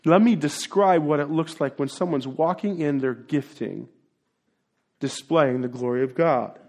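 A male pastor delivers a sermon in a slightly higher-than-usual voice. His preaching is earnest, moving between low, quiet asides and emphatic, rising declarations.

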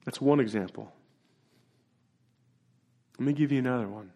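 A man preaching a sermon in an earnest way, dropping into quiet asides and then building to emphatic, rising points. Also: medium pitch, normal speed. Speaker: pastor.

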